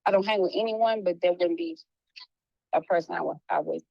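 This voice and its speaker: A woman speaking as a private investigator in a casual, apologetic conversation, talking in quick bursts with many restarts. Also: fairly low pitch, vocal fry, dry recording, dull audio. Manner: animated, restarts often, slips into a playful hood voice when quoting.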